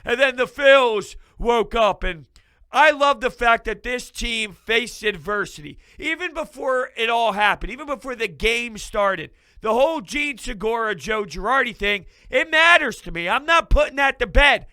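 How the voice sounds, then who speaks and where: A man's voice: very high voice, lively intonation, moderate pace, pushed and bright, clean tone, no echo. A man hosting his own sports fan channel, giving a fired-up, emphatic post-game recap and swearing casually.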